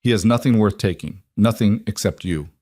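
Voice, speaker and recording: A man's voice: on the low side, normal speed, no echo, studio quality, lightly acted. A man voicing a tall, coldly courteous mob enforcer with a thick Eastern European accent and broken English. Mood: menacing. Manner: broken English, calm and menacing.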